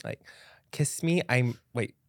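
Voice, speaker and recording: A man's voice: mid-range voice, expressive, takes it slowly, dry recording, studio quality. A young man hosting a podcast in casual chat, giggly and gushing, reading listener lines aloud. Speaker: podcast host.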